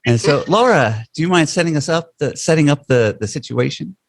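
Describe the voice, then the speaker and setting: A man's voice: a little high, expressive, fairly quick, vocal fry, no room sound. A man co-hosting a podcast in casual chat, talking in an enthusiastic, rambling way. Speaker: podcast co-host.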